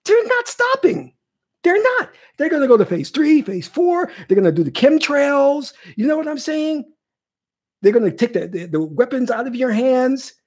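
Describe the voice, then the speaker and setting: A woman's voice: sits high, big pitch swings, moderate pace, mellow. A woman spiritual coach giving an impassioned monologue, emphatic and repetitive, pleading with her listeners.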